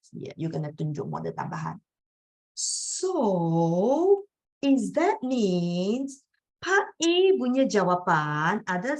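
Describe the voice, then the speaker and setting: A woman tutor with a Malaysian English accent, teaching an exam-prep accounting lesson and often checking that students follow. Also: fairly low pitch. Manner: mixes Malay and English, coaxing checks for understanding.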